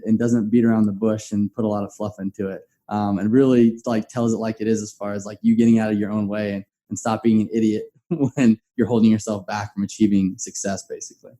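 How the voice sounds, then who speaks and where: A man's voice: mid-range voice, mellow. A man talking as a guest on a podcast, easygoing and laughing often, with many restarts. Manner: easygoing, laughs often, repeats words when starting. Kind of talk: casual podcast chat.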